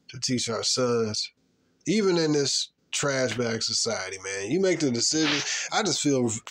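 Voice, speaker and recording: Emphatic rambling man in a slangy monologue. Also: medium pitch. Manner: rambling, emphatic, slangy, mocking put-on voices. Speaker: vlogger giving opinions. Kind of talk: casual monologue.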